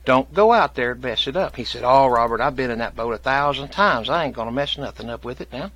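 A man's voice: medium pitch, expressive, quick pace, a bit bright, no echo, dull audio. A man guest telling a long comic story in folksy rural dialect, acting out both sides of the conversation. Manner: drawling rural dialect, acts out both sides of his stories.

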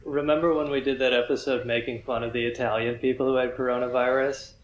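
A man co-hosting a podcast in casual chat, making sardonic deadpan jokes. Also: medium pitch, fast talker. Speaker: podcast co-host. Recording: roomy echo, faint noise.

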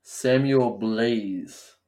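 A man's voice: medium pitch, extremely slow, mellow. A man on a casual sports podcast, laid-back and terse, naming picks.

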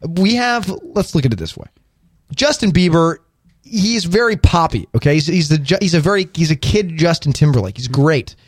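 A man's voice: a little high, lively intonation, normal speed, no echo. A man hosting a casual studio talk show, chatty and stammering through restarts. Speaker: host. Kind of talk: casual podcast chat.

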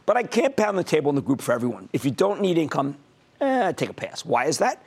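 A man's voice: fairly high pitch, very animated, fast talker, husky. A man hosting a stock market TV show, losing his voice, giving emphatic, punchy commentary straight to viewers. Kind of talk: energetic financial TV commentary.

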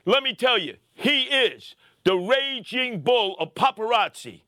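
A middle-aged man, hosting a podcast and telling a street story with excitable shouting bursts and a punchy delivery. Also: extremely high pitch, a little slow, dry recording, studio quality. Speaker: podcast host. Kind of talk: animated storytelling commentary.

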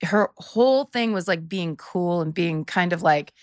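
A woman's voice: on the low side, a little slow, darkish tone, no room sound, studio quality. A woman co-hosting a podcast, telling rambling, self-mocking stories in a casual comedic chat. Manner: rambling, self-mocking storytelling with frequent laughs. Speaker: podcast co-host.

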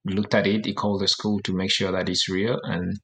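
A man's voice: low-pitched, brisk. A young man from Uganda, a professional soccer player, telling his story casually and acting out the voices of others with laughter. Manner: animated, acts out dialogue, laughs often.

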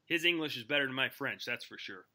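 A man's voice: medium pitch, animated, fast talker, bright, forceful tone. A man hosting a podcast in casual, jokey banter with his co-host.

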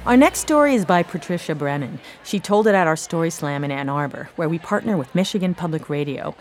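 A woman hosting a radio storytelling hour, introducing and following up on stories in calm, measured scripted narration. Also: low-pitched, a little hiss or hum. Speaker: radio show host. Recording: studio voice-over with music bed.

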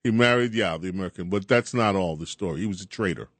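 A man hosting a talk radio show, chatting in an animated, chuckling monologue. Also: sits low, fast talker, no echo. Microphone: studio mic.

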